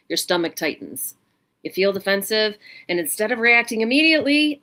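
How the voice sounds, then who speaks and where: Woman, mindfulness host, gentle and unhurried, slightly low voice with a very lively pitch. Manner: gentle, unhurried, speaks in short reflective phrases. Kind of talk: reflective self-help talk with guided practice.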